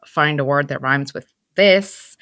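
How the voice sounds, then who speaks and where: Casting note: middle-aged woman host, low voice, dry close sound, upbeat and chatty. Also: a little slow, a bit bright, smooth, dry recording. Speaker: podcast host. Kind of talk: casual interview.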